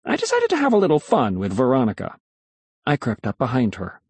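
A man narrating a children's story in the first person. His voice is slightly husky and his pitch moves with lively expression. The recording is close and dry. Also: fairly quick, no echo. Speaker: audiobook narrator.

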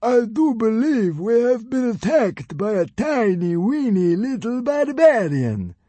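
A man's voice: very high voice, sing-song, takes it slowly, warm tone, slightly rough, no room sound, pitched above the performer's own voice, heavily acted. A man voicing a greedy, fat male Roman consul who drawls and gurgles through mouthfuls of food. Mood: drawling.

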